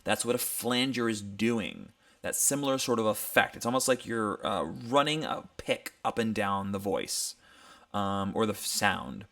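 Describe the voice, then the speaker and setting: Low-voiced man teaching mixing live. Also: animated, measured pace, vocal fry, a bit bright. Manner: loose and conversational, thinking aloud with frequent ums; explains while demonstrating sounds on his computer. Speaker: music producer teaching mixing. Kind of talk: casual livestream tutorial.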